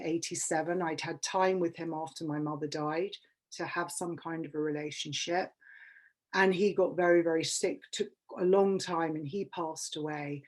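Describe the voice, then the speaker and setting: A woman's voice: deep voice, darkish tone. A British woman in her fifties giving a candid, emotional personal talk at a workshop, repeating words for emphasis. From England. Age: 50s. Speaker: workshop speaker.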